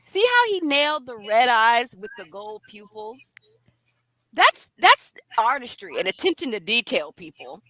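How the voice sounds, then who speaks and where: A woman with a bright, forceful voice talks excitedly to her live-stream viewers, showing off her book. The sound is close and dry, with no room around it. Her delivery is chatty and animated. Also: fairly high pitch, a little slow, dry recording, rough recording. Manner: chatty, enthusiastic, addresses viewers directly. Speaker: author and live-stream host. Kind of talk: lively live-stream chat.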